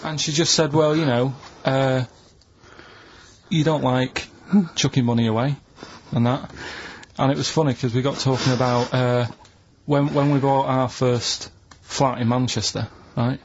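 A man tells a rambling story in a flat, deadpan way. His voice sits at an ordinary middle pitch. The studio sound is a little dull, with a faint hiss behind it. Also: unhurried. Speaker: radio show regular. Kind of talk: casual radio banter.

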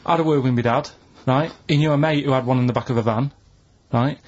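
A man, a regular on a radio show, telling a story in a dry, deadpan way in casual banter. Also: mid-range voice, quick pace, husky, dull audio.

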